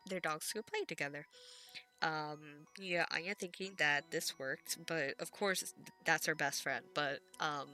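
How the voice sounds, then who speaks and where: Low, bright-voiced woman rambling an episode recap. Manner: chatty and gushing, with laughs and casual swearing. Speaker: anime recap vlogger.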